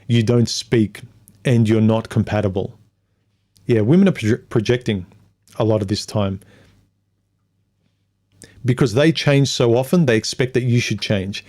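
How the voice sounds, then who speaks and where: A man with a dark, mellow voice hosts a casual livestream. He reads viewer comments aloud and rambles through his answers, now and then mocking other people in put-on voices. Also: medium pitch.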